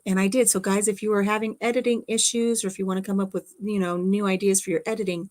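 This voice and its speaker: A woman's voice: mid-range voice, steady tone, quick pace. A middle-aged woman hosting a casual livestream from her craft room at home, rambling and chatting as she reads viewer comments aloud. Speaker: livestream host.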